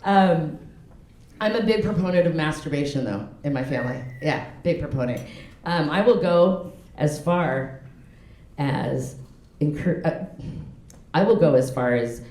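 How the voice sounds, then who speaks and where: With a low, animated voice, a woman in her forties works through a stand-up set at a measured pace, leaving long pauses. She speaks frankly and laughs at her own jokes. The echoey club has a loud crowd, and audience laughter fills the background.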